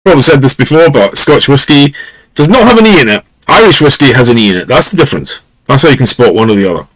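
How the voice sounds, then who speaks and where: A man's voice: medium pitch, big pitch swings, fast talker, a bit bright, no room sound, rough recording. Rambling Scottish man telling stories. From Scotland. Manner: rambling, chuckling, many fillers. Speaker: podcast host. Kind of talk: casual storytelling. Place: home room. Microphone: lesser home mic.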